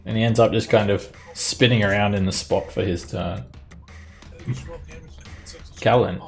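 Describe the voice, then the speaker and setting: A man narrating as dungeon master of a tabletop game, describing the action in a lively way with chuckles. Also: fairly low pitch, measured pace, soft background music.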